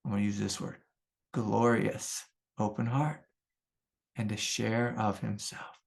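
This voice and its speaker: Middle-aged man, spiritual teacher, gravelly and earnest, talks in a heartfelt, conversational way. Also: medium pitch. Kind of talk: casual storytelling talk.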